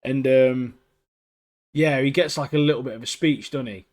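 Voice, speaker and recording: A man's voice: mid-range voice, fairly even intonation, normal speed, darkish tone. A man co-hosting a casual podcast. He talks bluntly and gives strong opinions, dropping "mate" at the end of many lines. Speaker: podcast co-host. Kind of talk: casual chat reviewing a TV show.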